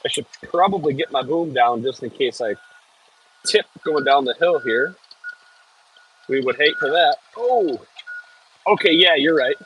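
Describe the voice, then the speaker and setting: A man from the United States streams live from a heavy machine's cab, jolting over frozen ground outdoors, reading viewers' messages aloud and cursing at the bumps. His voice is on the high side, a little slow with frequent pauses, and the recording has its highs cut off plus a little hiss or hum.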